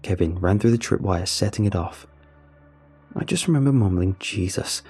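A young man narrating a first-person horror story in a somber, steady way. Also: lowish voice, slightly rough.

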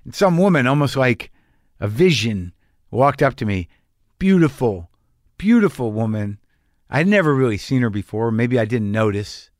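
A man's voice: mid-range voice, big pitch swings, normal speed, no echo, studio quality. A middle-aged male comedian telling a confessional story in a blunt, profane, self-mocking manner.

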